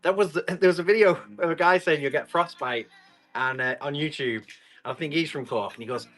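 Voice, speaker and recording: A man talks casually through a live-stream tool sale, joking with the chat as he goes. His voice is bright and a touch high. Soft music plays faintly underneath. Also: a little fast. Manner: chatty and rambling, joking with the chat. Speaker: live online tool auction seller.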